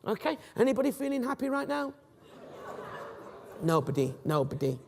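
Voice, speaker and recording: A man giving a Christian teaching talk, animated and jokey, acting out scenes for his listeners. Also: very high-pitched, normal speed, creaky, some chatter behind, a little hiss or hum. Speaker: Christian speaker. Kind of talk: teaching talk with acted illustrations. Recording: long reverb of a hall.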